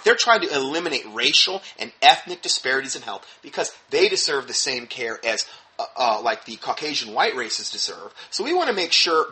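A man's voice: fairly high pitch, pushed and bright, low-quality recording. A man reading news reports aloud and breaking in with emphatic, sarcastic preaching commentary, often restarting his sentences. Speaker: religious teacher.

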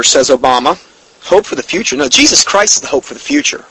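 A man teaching a Bible study, reading quotes slowly and emphatically, with indignant, sarcastic asides. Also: fairly high pitch, lively intonation, a bit bright, slightly rough, rough recording. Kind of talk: recorded Bible study lesson.

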